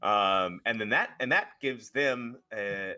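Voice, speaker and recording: A man's voice: lowish voice, slow pace, sharp tone. A man answering as a guest in a casual interview, easygoing and rambling with many fillers.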